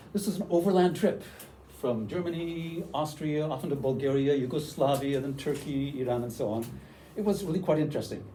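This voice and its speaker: An older man from Canada giving a conference workshop talk, an animated storyteller who acts out his younger self in quoted lines. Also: on the high side, a little hiss or hum, poor audio. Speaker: workshop presenter. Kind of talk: conference talk with personal stories. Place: conference room.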